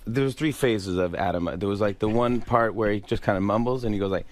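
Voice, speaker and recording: A middle-aged comedian guest chatting casually on a talk show, often breaking into loud impressions and laughter. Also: male voice, on the low side, fast, few pauses.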